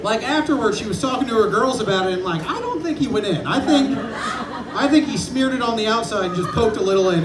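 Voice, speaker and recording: A man in his twenties performing a self-deprecating stand-up comedy set on a club stage, telling stories and breaking into shouted impressions. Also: sits high, animated, a little fast, a loud crowd, heavy background noise. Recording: echoey club with audience laughter.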